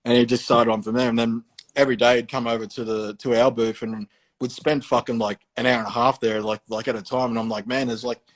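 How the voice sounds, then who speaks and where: A man's voice: mid-range voice, level tone, fast. An Australian man, a tattoo artist, telling stories in a casual, rambling way, full of swearing and fillers. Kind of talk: casual storytelling.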